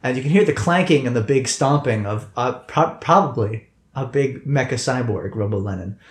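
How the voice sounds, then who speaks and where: A man's voice: mid-range voice, moderate pace. A man acting as game master, narrating a tabletop game in a rambling way. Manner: rambling, restarting descriptions. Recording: echoey room with faint noise.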